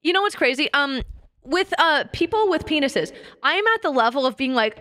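A woman's voice: sits high, expressive, moderate pace, sharp tone, no echo, studio quality. A woman streaming as a VTuber in casual chat, swearing freely and breaking into laughter often. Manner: profane and giggly, swears often and laughs a lot.

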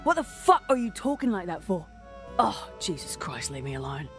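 A tough, irritable alien in a game, gruff and swearing, with a voice that swings up and down. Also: female voice, lowish voice, very animated, normal speed, faint music behind. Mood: irritated.

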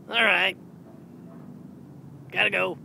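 A woman voicing a goofy, excitable male pig who chats in a silly way outdoors. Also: lowish voice, creaky, a little hiss or hum, voice pushed down, full character voice. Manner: silly, chatty, bursts of shouting and giggles. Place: outdoors in the cold.

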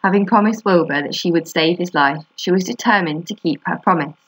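A woman teacher reads a children's chapter book aloud, steady and expressive. Her voice sits a little low for a woman and carries the story at an even read-aloud pace. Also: a little fast, husky, low-quality recording.

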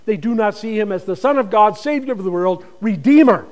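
A man pastor preaching a sermon earnestly, building to forceful emphasis and asking the congregation rhetorical questions. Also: high voice, lively intonation, brisk.

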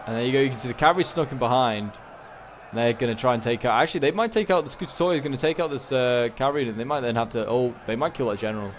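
A man giving casual, excitable play-by-play commentary on a strategy game battle, rambling with lots of fillers. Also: medium pitch, racing, a little hiss or hum. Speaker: gaming channel host.

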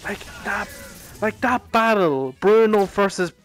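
Young man, casual sweary rant, rambling, slightly high voice. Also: animated, takes it slowly, faint music behind, low-quality recording. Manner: heated, sweary, rambling with many restarts. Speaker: anime fan ranting.

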